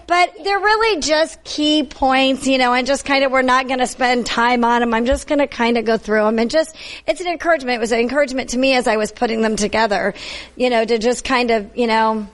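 Middle-aged female co-host, slightly high voice, earnest and encouraging. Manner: earnest, repeats phrases for emphasis, laughs easily. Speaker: Christian talk show co-host. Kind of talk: encouraging faith-based talk.

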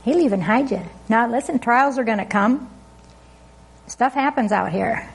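A woman's voice: fairly high pitch, normal speed, gravelly, breathy edge. A woman preaching an informal sermon, chatty and often laughing as she asks the congregation questions.

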